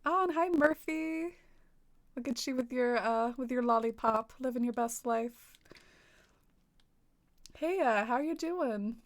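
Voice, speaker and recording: A woman's voice: on the high side, a little slow, pauses often. Giggly, chatty Southern woman streaming. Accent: light Southern American twang. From American South. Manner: chatty, giggly, filler-heavy with frequent "like". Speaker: game streamer. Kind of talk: casual stream chat, reading viewer comments.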